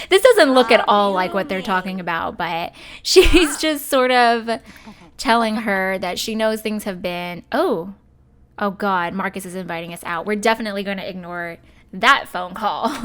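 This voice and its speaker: A young woman hosting a let's play, chatting casually as she plays and voicing her game characters in quick asides. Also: mid-range voice, a bit bright. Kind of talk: casual gameplay commentary.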